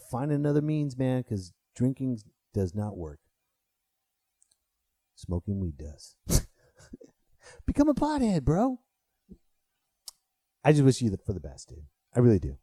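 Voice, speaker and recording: Male comic in his thirties, casual podcast monologue, mellow voice, dry close recording. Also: mid-range voice, dry recording. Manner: animated, swearing, rises sharply when riled. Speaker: podcast host and stand-up comedian.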